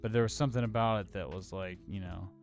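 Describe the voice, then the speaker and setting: A man's voice: low voice, fairly even intonation, fast talker, faint music behind. A young man co-hosting a casual film podcast, hedging and filling his talk with "like". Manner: loose, hedging, many "like"s. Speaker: podcast co-host.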